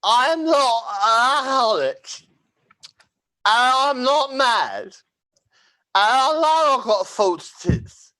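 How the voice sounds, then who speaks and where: English man putting on a boozy older lady politician, high and slow, defensive, rambling. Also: lively intonation, sharp tone, exaggerated voice, low-quality recording. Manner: slow, drawn-out, high put-on voice.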